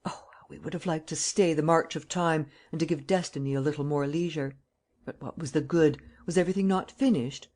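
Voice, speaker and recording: An audiobook reader narrating a classic detective novel in a measured, even way. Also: mid-range voice.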